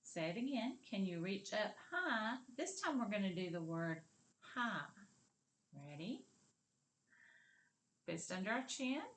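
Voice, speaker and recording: A woman teaching a kindergarten literacy lesson. She talks patiently and encouragingly and stretches out the sounds and words she models. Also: mid-range voice. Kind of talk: slow, clearly modeled lesson for young children.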